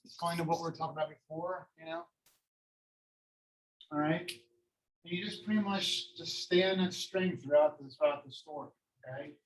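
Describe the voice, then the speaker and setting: A man's voice: a little high, normal speed, long pauses, low-quality recording. Rambling, chatty male classroom teacher. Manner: rambling, self-deprecating, lots of fillers. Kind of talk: casual classroom lecture.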